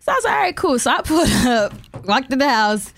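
Fast-talking young woman telling a story. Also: high-pitched. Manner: animated storytelling, acts out quotes, swears freely. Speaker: storyteller in group chat. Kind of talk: casual chat.

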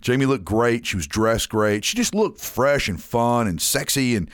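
A man's voice: mid-range voice, moderate pace, no room sound, clean studio sound. A man co-hosting a casual chat show, telling stories with lots of swearing and acting out what people said. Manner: animated storyteller, acts out quotes with lots of swearing. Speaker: co-host.

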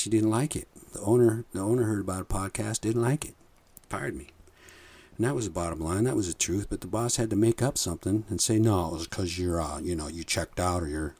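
A man's voice: sits low, a little mellow, no room sound. A man hosting a podcast, telling a rambling, profane story in a casual monologue with frequent chuckles. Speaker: podcast host.

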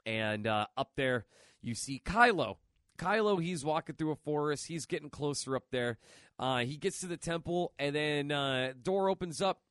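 A man's voice: a little high, moderate pace, a bit bright, smooth, dry recording, studio quality. A man hosting a podcast, casually recapping a comic story, rambling with lots of fillers and swearing. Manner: rambling, profane, filler-heavy. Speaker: podcast host.

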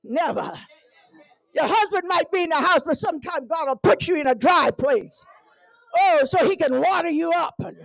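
A middle-aged woman evangelist preaching a sermon in a church, shouting and whooping in a sing-song rhythm. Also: extremely high pitch, creaky, dry recording, rough recording.

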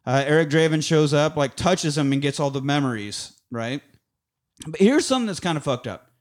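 A man's voice: fairly high pitch, expressive, normal speed. A man casually recapping a film on a podcast, swearing a lot, laughing and acting out the lines. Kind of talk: casual profane chat.

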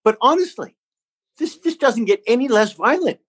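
A man co-hosting a casual chat, jokey and animated, with playful interjections. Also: very high-pitched, moderate pace, breathy edge. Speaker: podcast co-host.

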